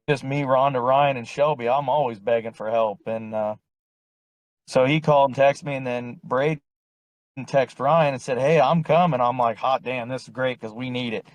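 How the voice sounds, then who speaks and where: A man's voice: medium pitch, darkish tone, no room sound, poor audio. Folksy middle-aged man telling a race story. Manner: rambling, folksy, acts out other people's lines. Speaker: crew chief, driver's father. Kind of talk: casual storytelling chat.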